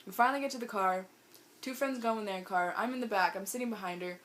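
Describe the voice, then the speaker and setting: A woman vlogger telling a funny story in an animated, amused way. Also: mid-range voice, quick pace, slight background noise. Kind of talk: storytime vlog.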